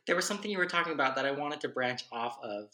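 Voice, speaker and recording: A man's voice: mid-range voice, lively intonation, racing, sharp tone. A man hosting a podcast, chatting casually in a rambling way and laughing easily. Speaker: podcast host. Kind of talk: casual chat. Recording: echoey room.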